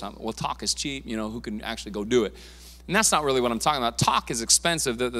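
A man's voice: medium pitch, sharp tone. A man preaching a sermon as pastor, in a casual, conversational way with everyday slang. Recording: long church hall reverb.

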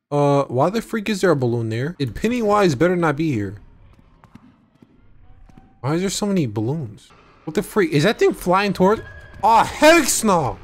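Jumpy high-voiced young man gaming. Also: normal speed, pauses often. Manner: jumpy, excitable, yells when startled. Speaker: gaming channel host. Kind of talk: horror game commentary.

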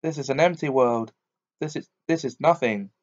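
A man reading aloud voices a proud witch queen who speaks with grave, horrible calmness. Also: mid-range voice, normal speed, close to an everyday voice. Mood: grave calm. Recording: dull lo-fi recording.

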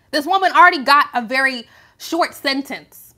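Bright, high-pitched passionate woman. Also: normal speed. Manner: passionate, emphatic, conversational with rhetorical questions. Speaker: host. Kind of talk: live video commentary.

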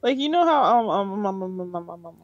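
A woman's voice: mid-range voice, very animated, quick pace, darkish tone, dry recording, dull audio. A woman co-commentating a game stream, chatting playfully and casually.

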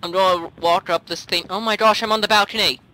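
A man chatting casually while playing a game, excitable and laughing often. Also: high voice, fast. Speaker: gamer, co-host. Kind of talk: casual let's play chat.

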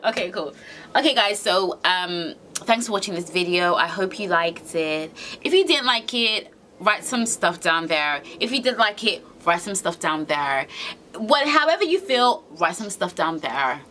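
Animated sassy young British woman vlogger. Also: fairly low pitch, unhurried, slight background noise. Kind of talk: casual rant to camera.

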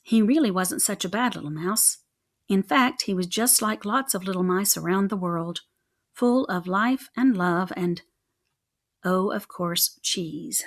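A woman's voice: mid-range voice, a little slow. Woman reading a children's storybook aloud. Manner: lively, expressive storytelling. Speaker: audiobook narrator.

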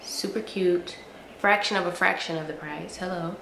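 A young beauty and fashion vlogger gushes over her finds in a casual haul review to camera, playful and slangy, drawing out her hums and words slowly. Her slightly low voice has a steady tone and vocal fry, a little sniffly from allergies, heard with a roomy echo over faint hiss.

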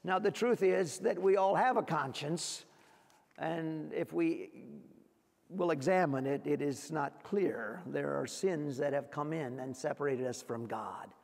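High-voiced pastor preaching in a reverberant church. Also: male voice, unhurried, gravelly, darkish tone. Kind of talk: sermon. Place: church sanctuary.

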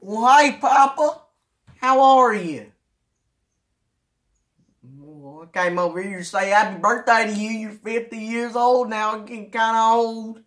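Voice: medium pitch, a little slow, long pauses, a bit bright, lightly acted. A performer voicing a folksy country son from a cow farm, with a hick drawl. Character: country farm son who milks cows. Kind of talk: comic character video greeting.

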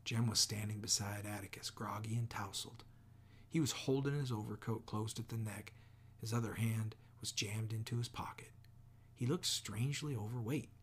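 A man reading a novel aloud as an audiobook, measured, often sinking to near whispers. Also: lowish voice, breathy edge. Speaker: audiobook reader. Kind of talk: audiobook narration.

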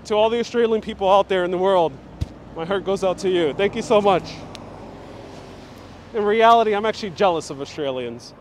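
Walking through a busy city station and outdoors on a live tour, the host reads viewer comments aloud and reacts with jokes and chatter. He speaks in a high voice, briskly but with long pauses, captured on a handheld phone on a gimbal with slight background noise.

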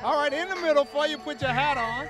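A man's voice: very high voice, quick pace. Jokey guy host chatting up folks at a park fest, music going behind him. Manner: jovial, chatty, playful asides. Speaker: host interviewing visitors. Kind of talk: roving interview at a community event. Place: outdoor park festival.

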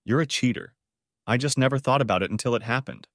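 A man's voice: mid-range voice, quick pace, no room sound, studio quality, lightly acted. A man voicing a bitter, unforgiving estranged wife in a story reading, speaking coldly and accusingly. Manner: cold and accusing.

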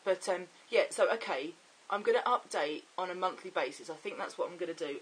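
A young man chatting excitably and rambling in a casual video diary. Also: high voice, brisk, slightly rough, poor audio. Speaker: vlogger.

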